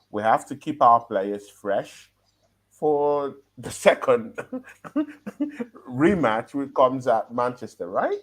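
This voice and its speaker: A man's voice: medium pitch, slow pace. A man co-hosting a football chat show, talking casually and with lots of energy, often checking in with "yeah?" and "right?" and breaking into laughs. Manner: animated, laughing, walks through his argument with "yeah?" and "right?". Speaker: football podcast co-host.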